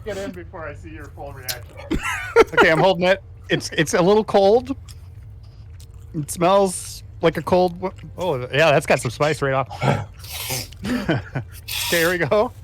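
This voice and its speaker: A man's voice: on the high side, a little slow, long pauses, a little hiss or hum. A man co-hosting a gaming stream, reacting nervously and laughing while eating hot wings.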